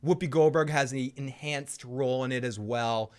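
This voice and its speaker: A man's voice: medium pitch, moderate pace, clean tone. A man hosting a casual, opinionated chat, rambling and profane, with playful bursts of impressions. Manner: profane and rambling, full of restarts. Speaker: host.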